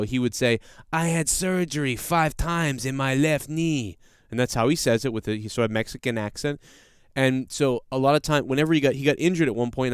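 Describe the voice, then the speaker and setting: A man's voice: medium pitch, smooth, no echo, clean studio sound. A man hosting a podcast, ranting in a casual, blunt and profane way with rambling restarts. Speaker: podcast host. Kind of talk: casual commentary rant.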